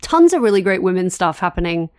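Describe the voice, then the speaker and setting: A woman co-hosting a podcast in casual chat, talking in an animated way and laughing between points. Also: fairly low pitch, fast, smooth, no room sound, clean studio sound. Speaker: podcast co-host.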